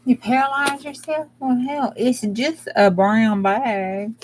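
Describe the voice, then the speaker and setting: A woman's voice: a little high, fairly even intonation, slow pace, a little hiss or hum. A woman chatting bluntly and casually while she crafts on her channel, cursing mildly as she works. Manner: folksy, blunt, mild cursing, talks while working. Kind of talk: casual crafting livestream chat.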